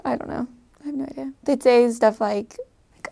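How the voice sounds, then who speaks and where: A young American woman chatting casually to camera, with lots of fillers, soft trailing phrases and frequent laughs. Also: fairly high pitch, normal speed, vocal fry. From United States. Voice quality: filler-heavy, laughing often, trailing off softly. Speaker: vlogger. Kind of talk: casual chat.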